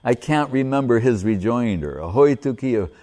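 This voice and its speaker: A man's voice: medium pitch, lively intonation, moderate pace, mellow. A man giving an informal religious talk, rambling and breaking off mid-phrase, chuckling at his own stories. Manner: rambling, self-interrupting, chuckling. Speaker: spiritual teacher.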